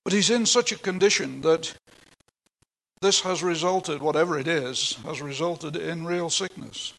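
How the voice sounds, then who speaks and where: Gravelly older preacher. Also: male voice, on the high side, moderate pace, a bit bright, low-quality recording. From England. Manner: earnest, emphatic, plain-spoken teaching with asides. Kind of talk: sermon.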